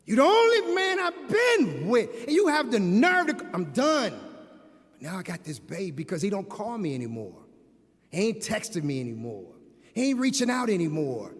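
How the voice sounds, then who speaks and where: A man's voice: fairly high pitch, very animated, moderate pace, breathy edge, pitched below the performer's own voice, full character voice. A man speaking as a hurting teenage girl who became a young mother, telling her story in pained first person. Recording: long hall reverb.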